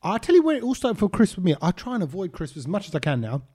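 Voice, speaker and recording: A man's voice: sits high, sing-song, fast, dark tone, slightly rough. A man hosting a casual chat, telling stories in a chatty, jokey way. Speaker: podcast host.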